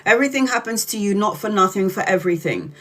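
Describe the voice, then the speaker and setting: A woman's voice: medium pitch, lively intonation, quick pace, a bit bright. A woman tarot reader talking casually to viewers on a live stream, blunt and profane, dragging out key words for emphasis.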